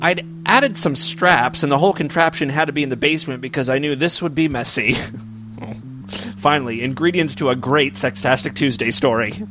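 A man's voice: on the high side, normal speed, over music. A man doing a mock-dramatic comic reading of a story, with wry asides and tongue-in-cheek delivery. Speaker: comic reader of an erotic story.

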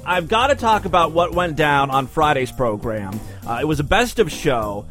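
A male podcast host riffing in a comedic monologue, sarcastic and rambling. His voice sits a little high and swings widely in pitch, with faint music under it. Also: animated, moderate pace. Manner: rambling, sarcastic, jumps between loud and mumbled.

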